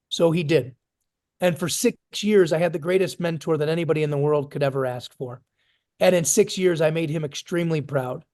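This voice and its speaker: A man with a high-pitched voice giving a motivational talk over a video call. He is emphatic and punchy, and he stacks up lists to drive his points home. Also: brisk, a little mellow. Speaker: motivational speaker for a business team.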